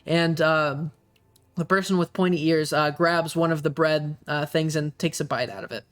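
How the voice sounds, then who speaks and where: Unhurried game master with many ums. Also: mid-range voice, fairly even intonation, a bit bright. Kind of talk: narrating a tabletop game.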